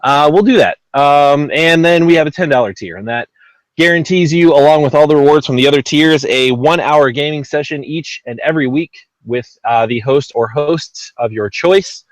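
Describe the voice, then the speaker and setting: A man's voice: a little high, normal speed, dry recording, rough recording. A man hosting a casual gaming podcast, rambling with lots of ums and uhs and poking fun at himself. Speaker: podcast host.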